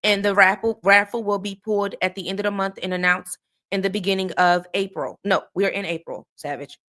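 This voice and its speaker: A woman hosting a relaxed live stream about a true crime case, talking straight to her viewers. She is chatty and loose, greeting people by name mid-sentence. She often tags her points with a quick "okay?" or "all right?". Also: mid-range voice. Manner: conversational, checks in with frequent "okay?" tags. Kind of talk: casual live-stream commentary.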